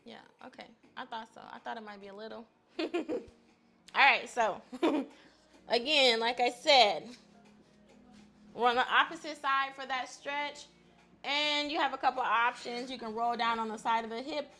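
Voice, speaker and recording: A woman's voice: fairly high pitch, moderate pace, pushed and bright, faint music behind. A woman guiding a stretching class in an upbeat, chatty way, often laughing as she talks. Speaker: fitness instructor.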